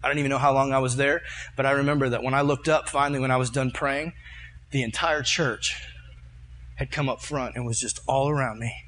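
A man preaching a sermon, telling a personal story with fervent, animated delivery and leading a prayer. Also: medium pitch, a little fast, slight background noise.

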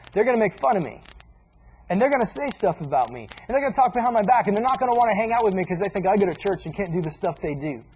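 A man preaching a sermon in a casual, animated way, acting out little asides as he teaches. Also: high voice, slight background noise, rough recording.

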